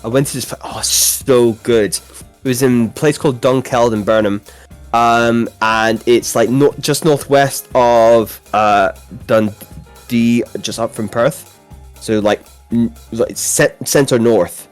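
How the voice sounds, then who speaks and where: A man's voice: medium pitch, slow pace, clean tone, faint music behind. A Scottish man co-hosting a casual chat, telling stories with lots of laughs and acted-out voices. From Scotland. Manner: animated storytelling, acts out voices, laughs often. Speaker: podcast co-host.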